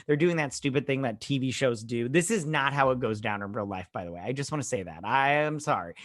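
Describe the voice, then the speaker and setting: Recapping an episode on his laid-back review show, a man with a mid-range voice rambles in slangy style, now and then slipping into brief acted-out quotes.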